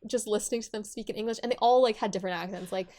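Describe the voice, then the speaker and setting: A young woman in her twenties chatting on a podcast. She talks in a loose, casual way, full of fillers and restarts. Her voice sits at an ordinary middle pitch for a woman. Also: racing, dark tone. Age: 20s. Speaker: podcast co-host. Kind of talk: casual chat.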